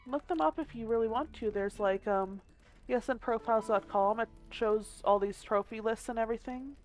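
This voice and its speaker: A woman's voice: on the high side, moderate pace, darkish tone. A woman game streamer chatting casually, thinking aloud and hedging as she goes, with the odd hiccup. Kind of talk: casual live-stream chat.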